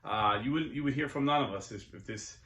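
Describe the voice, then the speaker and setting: A middle-aged man talks in a casual, earnest monologue at a middle pitch. He slips into preachy bursts as he makes his point. The sound carries the echo of a bare room. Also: a little fast, sharp tone, highs cut off. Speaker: YouTube host and Catholic convert. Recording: echoey room.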